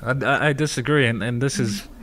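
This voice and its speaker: A male panelist on a casual podcast, making measured arguments with frequent restarts. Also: medium pitch, fairly bright tone, slight background noise. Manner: measured, builds arguments from data with many restarts.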